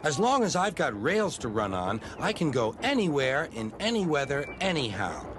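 A man voicing a small, eager young tank engine in a high, boyish voice, earnest and excitable, over background music. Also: moderate pace, background noise. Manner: earnest, excitable, whiny when struggling.

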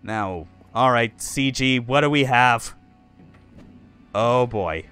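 Bright-voiced swearing male streamer. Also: mid-range voice, takes it slowly, clean tone, faint music behind. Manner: exclamatory, swears a lot, laughs at the game. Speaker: game streamer. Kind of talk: live gameplay commentary.

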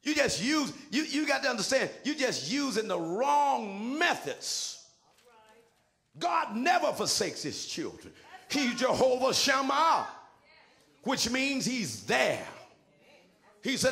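High, gravelly, shouting preacher man. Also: sing-song, a little slow. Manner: shouted, sing-song preaching cadence; folksy, colloquial phrasing. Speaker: senior pastor. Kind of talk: preaching a sermon.

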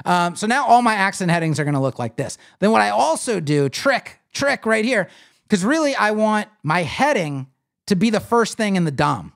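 High-voiced man teaching web design live. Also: normal speed, vocal fry. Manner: casual, animated, talks to viewers while clicking. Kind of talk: live screen-share tutorial.

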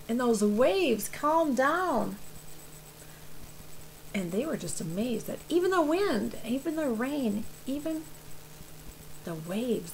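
Slow, animated woman telling a Bible story. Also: on the high side, gravelly, slight background noise, rough recording. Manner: animated, drawn-out storyteller emphasis with questions to kids. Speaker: children's church teacher.

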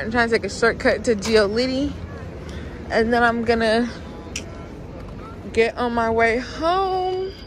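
High-voiced young woman vlogging outdoors. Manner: chatty and blunt, with casual swearing. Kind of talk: casual vlog narration. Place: outdoors on busy streets and hiking trails. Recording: crowd chatter and outdoor noise.

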